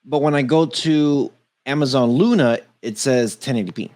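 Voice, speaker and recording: A man co-hosting a casual tech podcast, reading quickly through a long list and tripping over names. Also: medium pitch, a little mellow. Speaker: podcast co-host.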